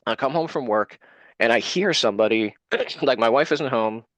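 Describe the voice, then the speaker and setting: A man's voice: medium pitch, normal speed, a bit bright, no echo. A man, an interview guest telling a personal story in casual talk and acting out what others said. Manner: retells events with quoted dialogue.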